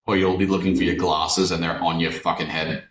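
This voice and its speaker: A man's voice: low voice, little pitch movement, a little fast. A man chatting casually, swearing freely and laughing at himself. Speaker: podcast guest. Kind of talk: casual chat. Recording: echoey room, off mic.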